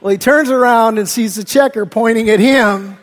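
A male pastor preaching a sermon, telling stories in a chatty, animated way with lots of fillers. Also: very high voice, moderate pace. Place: church sanctuary. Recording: long echo in a church hall.

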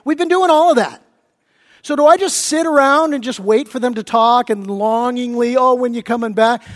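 A middle-aged man preaching a sermon as pastor, telling a family story with animated, acted-out voices. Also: extremely high pitch, moderate pace, long reverb tail. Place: church sanctuary.

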